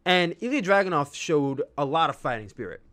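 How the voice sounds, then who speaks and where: A man reviewing a wrestling match on his own channel, talking loosely and enthusiastically, piling up praise and tripping over his words. His voice sits a little high for a man. The recording is close and dry, with no room sound. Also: brisk, dry recording. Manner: enthusiastic, rambling, excitable outbursts. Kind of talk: casual solo review.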